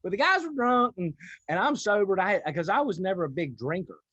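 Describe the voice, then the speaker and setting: A man's voice: high voice, a little fast. A singer from North Carolina with a thick Southern accent, chatting in an interview and acting out the people in his stories. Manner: animated storyteller, acts out voices in anecdotes. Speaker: singer, guest. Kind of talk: casual interview chat.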